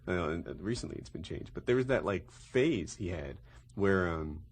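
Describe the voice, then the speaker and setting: Young man, husky, fairly low voice, casual gaming chat, rambling and self-correcting. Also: animated, normal speed. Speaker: YouTube gamer, podcast host.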